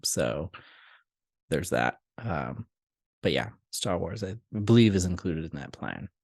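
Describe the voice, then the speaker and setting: A young man with a fairly low voice chats on a podcast, telling lively stories and laughing often. The sound is dry and close, with no room echo. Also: takes it slowly, creaky. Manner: laughing often, animated storytelling. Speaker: podcast co-host. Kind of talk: casual chat.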